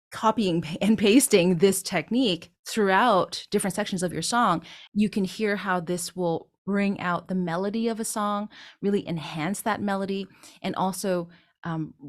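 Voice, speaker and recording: Woman vocal coach with mid-range voice. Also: mid-range voice. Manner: explains patiently, ends points with "right?"; breaks into short sung demonstrations. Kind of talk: singing tutorial.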